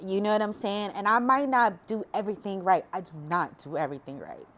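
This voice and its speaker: A woman's voice: mid-range voice, very animated, fairly quick, a bit bright. A woman sharing a personal faith testimony, emotional and preachy, often talking straight to her viewers. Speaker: faith vlogger.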